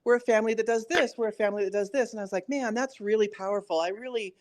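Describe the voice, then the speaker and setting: A woman's voice: on the high side, racing, a little mellow. A woman chatting casually as a coaching client, telling a story and quoting herself and her son. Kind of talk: casual conversation.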